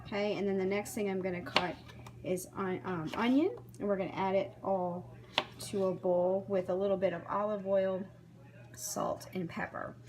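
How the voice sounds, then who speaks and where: A woman's voice: mid-range voice, steady tone, moderate pace, noisy background. Woman rambling thru a recipe while chopping, pans clattering in the background. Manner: chatty, thinking aloud while chopping. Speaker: home cook. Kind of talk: casual cooking vlog narration. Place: home kitchen. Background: clatter of knives, dishes and pans.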